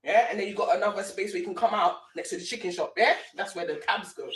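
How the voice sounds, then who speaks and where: A woman's voice: mid-range voice, fast. A woman with a London accent, hosting a live-stream radio show, telling a heated story full of slang and swearing.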